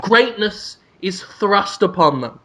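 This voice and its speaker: A man's voice: high-pitched, lively intonation, slow pace, pushed and bright, slight background noise. A man co-hosting a comedic podcast, laying out absurd mock-grand schemes with a straight face. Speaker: podcast co-host.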